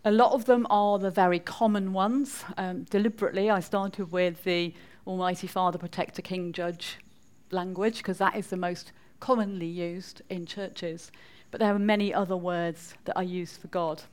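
A woman's voice: lowish voice, steady tone, moderate pace, few pauses, a little mellow. A woman from northwest England with a Mancunian accent, giving a chatty church talk and quizzing the congregation. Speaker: preacher.

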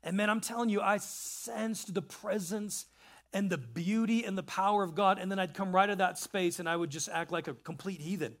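A man preaching a sermon in an animated, conversational way, reading scripture and adding casual asides. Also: sits high, moderate pace. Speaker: pastor.

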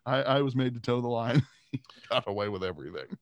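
A man co-hosts a podcast in casual chat, telling his stories with animation and frequent laughs. His voice sits at an ordinary pitch and sounds dry and close to the mic. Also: quick pace, dry recording. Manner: animated storyteller who laughs often. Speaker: podcast co-host.

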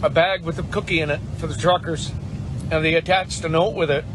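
A man recording a casual video message outdoors, speaking in an emotional, halting way. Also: on the high side, fairly even intonation, noisy background. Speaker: convoy supporter.

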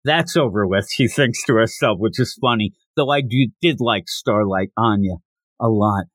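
A man's voice: fairly low pitch, moderate pace, dry recording. A man hosting a podcast, casually recapping a manga chapter and jumping into character voices. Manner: animated, jumps into character voices. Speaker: podcast host.

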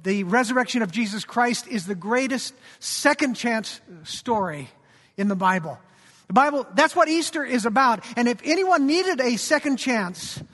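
A man's voice: very high voice, a bit bright. A male pastor preaching a sermon with dramatic storytelling and rhetorical questions. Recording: long hall reverb.

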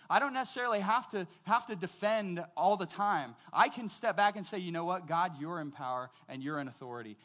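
High-voiced conversational male pastor. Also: a bit bright. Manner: conversational, storytelling with quoted voices. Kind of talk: sermon.

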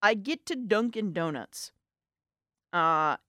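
A woman's voice: mid-range voice, expressive, takes it slowly, bright, forceful tone, no room sound, studio quality. A woman in her twenties co-hosting a college radio show, telling a story in casual chat and acting out the lines she quotes. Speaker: radio co-host. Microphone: studio microphone.

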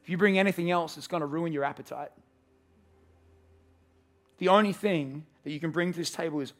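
A pastor preaches to his congregation in an earnest, storytelling way. His voice sits a little on the high side and he slips into the voices of the people in his story. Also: brisk, pauses often, a bit bright. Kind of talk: sermon. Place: church service with a congregation.

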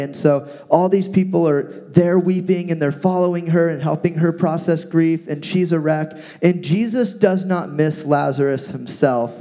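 A man co-hosting a casual talk, retelling a Bible story with playful asides and lively paraphrase. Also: fairly high pitch. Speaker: podcast co-host teaching from the Bible. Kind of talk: casual Bible teaching chat.

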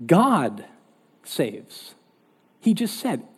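A male pastor preaching a lively, conversational sermon. His voice is somewhat high, husky and mellow, and it swings up and down. A long hall reverb trails after his words. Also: takes it slowly, pauses often.

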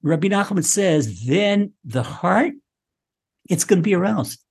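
A man teaching a Torah class, animated, often repeating words and acting out the speech he quotes. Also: high voice, unhurried, vocal fry, breathy edge.

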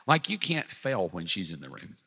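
Man, pastor on a guest spot, upbeat and bright, echoey long-reverb room. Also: low voice, huge pitch swings, moderate pace, vocal fry, husky. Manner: upbeat, joking, effusive. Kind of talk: casual podcast chat.

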